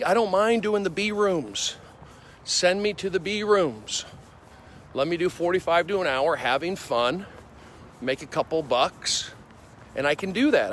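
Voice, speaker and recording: A male comedian livestreaming on his phone while walking city streets, rambling excitably with repetitive bursts of loud emphasis. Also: on the high side, a little hiss or hum. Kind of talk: rambling walk-and-talk livestream.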